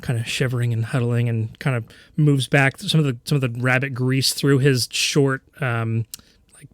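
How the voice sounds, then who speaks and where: A man's voice: medium pitch, steady tone, normal speed, no echo. A man narrating a tabletop game as game master, rambling with many fillers and laughing often.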